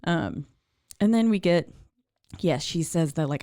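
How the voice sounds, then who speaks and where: A woman's voice: fairly low pitch, expressive, measured pace, dark tone, no room sound, studio quality. A woman co-hosting a podcast, chatting casually and enthusiastically, swearing freely and acting out quotes. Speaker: podcast co-host. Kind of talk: casual chat recapping a film.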